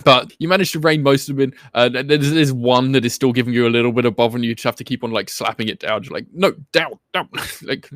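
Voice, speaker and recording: A man narrating a tabletop game as game master, relaxed and laughing easily. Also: medium pitch, quick pace, hardly any pauses, no echo, studio quality.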